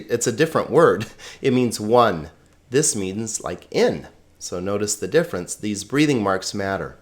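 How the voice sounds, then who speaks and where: A man teaching a recorded Greek lesson, sounding words out slowly syllable by syllable. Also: lowish voice.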